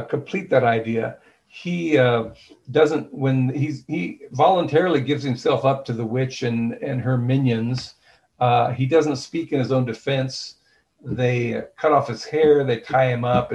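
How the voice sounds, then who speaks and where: A man's voice: mid-range voice, darkish tone, dull audio. Thoughtful man explaining at length. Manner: thoughtful, with many fillers and restarts; retells scenes with quoted dialogue. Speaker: author and guest. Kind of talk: interview.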